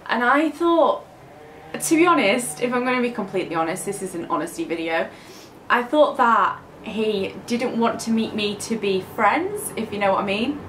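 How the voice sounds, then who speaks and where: A woman's voice: fairly high pitch, expressive, normal speed, a bit bright, echoey room, a little hiss or hum. A young woman talking openly and a little hesitantly in a casual confessional vlog. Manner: open, emotional, hesitant. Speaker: vlogger.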